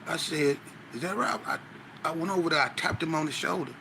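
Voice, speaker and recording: A man's voice: a little high, fast talker, slight background noise. A man in casual conversation, animatedly telling a story with speech. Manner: animated, with frequent "you know what I'm saying". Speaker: podcast guest.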